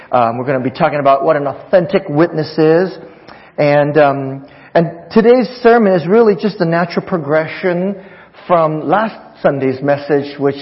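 A pastor preaching a sermon, friendly and chuckling, acting out voices in his stories. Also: on the high side. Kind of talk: sermon with humorous story. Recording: dull recording in a reverberant church hall.

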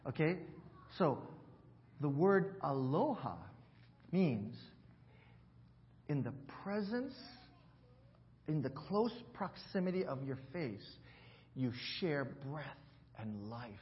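A man's voice: on the high side, very animated, slow, long pauses, dull audio. A man pastor preaching a sermon in church, leading the congregation to repeat words after him. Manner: warm teaching, invites congregation to repeat words. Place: church sanctuary.

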